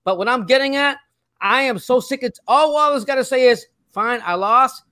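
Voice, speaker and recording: A man's voice: extremely high pitch, fairly quick, bright, forceful tone, no room sound. An older man arguing heatedly about boxing, swearing, repeating himself and cutting in. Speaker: boxing fan in a debate. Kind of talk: heated street argument.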